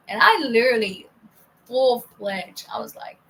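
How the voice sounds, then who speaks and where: A young woman telling a rambling personal story in a casual monologue, full of "like" and "bro" and often dropping to a hushed near-whisper. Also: mid-range voice, measured pace, gravelly, a little hiss or hum, rough recording. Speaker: vlogger.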